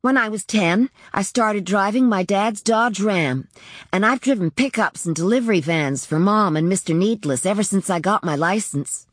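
A woman with a natural, medium-pitched voice at normal speed narrates an audiobook as a small-town teenage girl who dreams of trucking. The clean studio recording has no room sound, and her telling is plainspoken, matter-of-fact, blunt and chatty.

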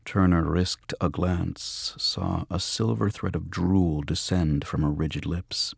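A man narrates a novel in a very low, husky voice. He reads at an unhurried pace, and the recording is close and dry. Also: steady tone, no room sound. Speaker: audiobook narrator. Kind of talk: scripted narration.

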